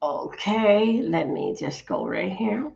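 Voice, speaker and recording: Woman, livestream host, blunt profane rant, stumbling repeats, somewhat high voice, muffled lo-fi sound. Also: animated, normal speed, fairly bright tone. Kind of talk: ranting commentary.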